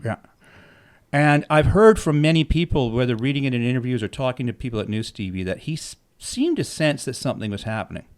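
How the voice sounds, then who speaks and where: A man's voice: medium pitch, fairly quick. A middle-aged man casually telling stories on his podcast, acting out the dialogue and swearing freely. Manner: animated, acts out quoted dialogue, swears freely. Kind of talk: casual storytelling.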